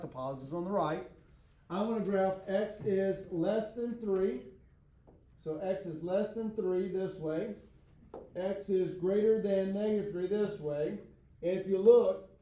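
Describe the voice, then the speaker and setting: Man, math teacher, classroom lecture, high mellow voice, folksy, self-deprecating, frequent check-ins, echoey classroom.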